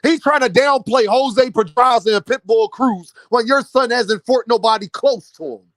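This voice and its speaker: A man's voice: very high voice, moderate pace, fairly bright tone, dry recording. A man ranting about boxing to his viewers, mocking and incredulous. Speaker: boxing commentary vlogger. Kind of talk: animated boxing rant.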